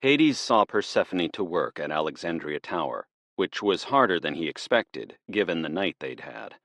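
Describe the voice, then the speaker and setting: A man narrating an audiobook in a measured, expressive reading. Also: low-pitched, gravelly, no room sound.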